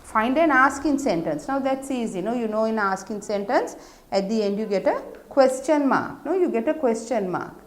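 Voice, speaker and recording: A woman's voice: a little high, expressive, normal speed. A woman teaching an English lesson to young children, explaining patiently and checking understanding with tag questions. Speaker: primary school teacher.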